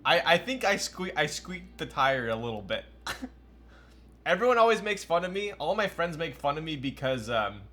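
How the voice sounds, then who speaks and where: Joking streamer man, fairly high voice. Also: very animated, moderate pace, a bit bright. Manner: joking, self-mocking, answers chat. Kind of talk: casual live-stream chat while building a keyboard. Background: faint music.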